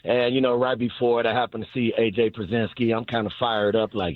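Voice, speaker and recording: A man calling in to a sports radio show, telling an animated story full of laughs. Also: medium pitch, brisk, dry recording. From Chicago South Side. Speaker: caller. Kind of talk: excited phone call. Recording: tinny phone line.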